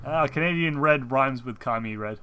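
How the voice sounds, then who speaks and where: A man's voice: medium pitch, moderate pace, bright, forceful tone, clear, resonant tone. An American man co-hosting a podcast, riffing in casual comedic chat with a mock-patriotic, joking manner. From United States. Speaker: podcast co-host.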